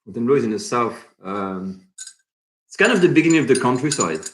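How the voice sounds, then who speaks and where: A man's voice: medium pitch, very animated, a little fast. A man from France with a French accent, hosting a cooking channel live stream in casual chat, reading out and answering viewer comments. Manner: chatty, reads viewer comments aloud and answers them.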